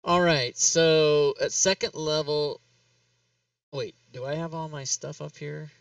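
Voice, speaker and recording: A man's voice: on the high side, fairly even intonation, slow pace, gravelly, no echo, recorded from a distance, dull audio. A man hosting a casual talk show, rambling and laughing as he talks himself through steps on a computer over voice chat. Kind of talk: casual chat while working in game software.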